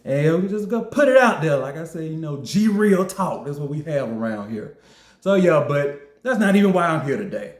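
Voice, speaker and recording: A man reviewing fast food in a casual vlog, joking, laughing often and acting out his own lines. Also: fairly high pitch. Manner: animated, joking, quick to laugh. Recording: roomy echo.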